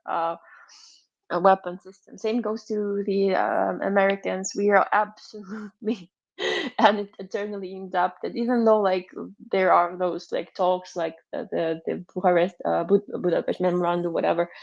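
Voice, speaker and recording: A woman from Ukraine, hosting a live audio chat, talking in an emotional, rambling way with many fillers and soft laughs. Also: medium pitch, fairly even intonation, a little slow, gravelly. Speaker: host. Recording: muffled lo-fi audio.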